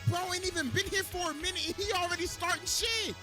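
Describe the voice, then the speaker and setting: High, excitable man narrating a parody. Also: quick pace. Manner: slangy, excitable, exclaiming. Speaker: comedy narrator. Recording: music playing behind.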